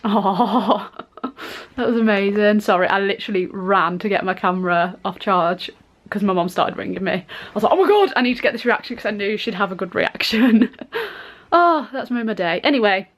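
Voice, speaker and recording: A woman's voice: mid-range voice, normal speed. A young woman talking casually to camera, chatty and rambling, laughing often. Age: young adult. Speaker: vlogger. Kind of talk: casual vlog talk to camera. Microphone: compact camera held close.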